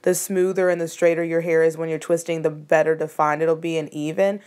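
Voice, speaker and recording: Relaxed young woman chatting through a tutorial. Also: low-pitched, brisk, clean tone, dry recording. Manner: chatty, relaxed, with frequent ums. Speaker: hair tutorial vlogger. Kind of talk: casual voice-over tutorial.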